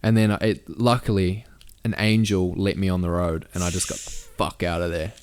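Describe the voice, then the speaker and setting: Brief: young guy, lowish voice, crude storyteller who swears a lot. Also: fairly even intonation, brisk, slight background noise. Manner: swears a lot, acts out quotes in a high shouty voice. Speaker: podcast co-host.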